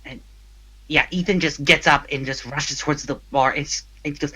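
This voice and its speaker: A man narrating a tabletop game as game master in a casual, halting way. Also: on the high side, fairly even intonation, pushed and bright, husky, rough recording.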